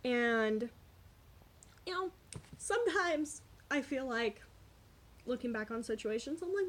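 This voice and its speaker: Young woman vlogger, slightly high voice, blunt and candid storytime delivery. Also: normal speed, long pauses, slight background noise. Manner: candid, swears freely, animated retelling. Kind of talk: casual storytime vlog.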